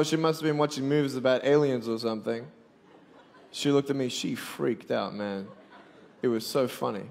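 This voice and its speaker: Gravelly Australian man preaching in a hall. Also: mid-range voice, normal speed, darkish tone, slight background noise. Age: 20s. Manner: playful storyteller turning to earnest, pressing questions. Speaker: motivational Christian speaker. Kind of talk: sermon with comic stories. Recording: long hall reverb.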